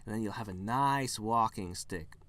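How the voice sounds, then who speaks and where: A man's voice: lowish voice, normal speed, fairly bright tone, lightly acted. A man voicing an eager male talking tree in a video game, who pushily offers up his own apple, leaves, bark and branches. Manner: pushy, overly generous, self-deprecating.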